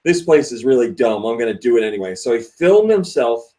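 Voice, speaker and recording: A man's voice: mid-range voice, big pitch swings, a little fast, mellow. A man hosting a casual podcast, chatting, laughing often and reading viewer comments aloud. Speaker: podcast host.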